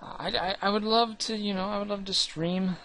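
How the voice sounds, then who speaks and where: A man's voice: sits high, steady tone, moderate pace, pushed and bright. Rambling, earnest young man. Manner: rambling, restarts often, earnest and self-deprecating. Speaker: gaming channel host. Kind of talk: casual talk to camera about his channel.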